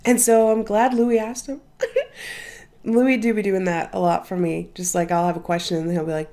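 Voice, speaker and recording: A woman's voice: medium pitch, normal speed, darkish tone. A young woman hosting a reaction channel, gushing about a show in casual commentary, swearing freely and laughing often.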